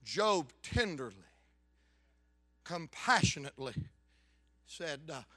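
A man preaching a fervent revival sermon, bursting into loud shouts. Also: on the high side, big pitch swings, slow pace, no room sound.

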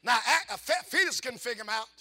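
A middle-aged man preaching a call-and-response sermon. He talks in a folksy, repetitive way, questions the congregation, and swings between hushed asides and fervent shouting. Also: extremely high pitch, lively intonation, fast.

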